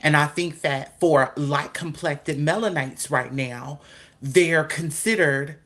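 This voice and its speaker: A woman's voice: deep voice, slow, a bit bright. A woman taking part in a casual group discussion, speaking emphatically in a folksy way. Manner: emphatic, folksy, addresses others as honey and girl. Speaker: discussion panelist.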